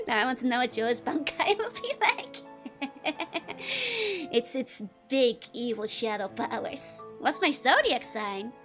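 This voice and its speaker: A woman's voice: a little high, lively intonation, a little slow, fairly bright tone, faint music behind. A young woman streamer chatting casually with viewers, giggling often between phrases.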